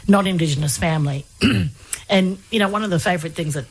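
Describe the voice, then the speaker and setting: Husky low-voiced woman interviewer. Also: quick pace. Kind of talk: casual conversational interview.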